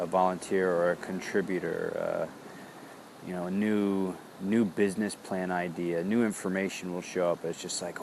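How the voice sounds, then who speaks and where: A man with a very low, deep voice talks through a reflective body-awareness check-in. He speaks slowly and introspectively, often pausing and restarting as he searches for words. There is a faint hum of noise behind him. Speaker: founder of a wellness business.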